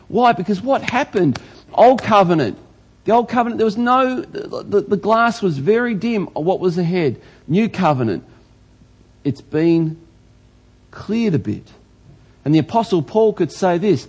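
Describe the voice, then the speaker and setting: Aussie pastor guy preaching, husky voice, a bit high, gets loud and fired up. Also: normal speed. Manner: animated, rising to loud exclamations. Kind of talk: sermon.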